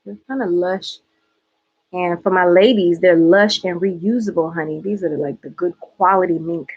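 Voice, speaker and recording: A woman's voice: on the low side, fairly even intonation, moderate pace, slightly rough, lo-fi sound. A woman from Georgia with a light Southern accent, chatting playfully with her viewers in a casual livestream. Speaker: host.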